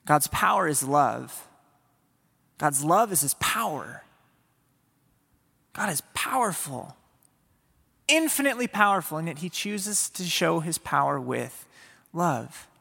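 Bright-voiced energetic man preaching. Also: on the high side, slow pace, gravelly, pauses often, breathy edge. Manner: energetic, playful, speaks to the audience. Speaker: pastor. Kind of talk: sermon. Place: church sanctuary before a congregation. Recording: long reverb of a large hall.

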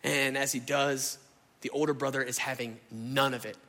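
A man, preaching a sermon in a lively, conversational way and often turning to the congregation. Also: medium pitch, normal speed. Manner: animated, conversational preaching, addresses crowd as y'all. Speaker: pastor. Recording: echoey hall.

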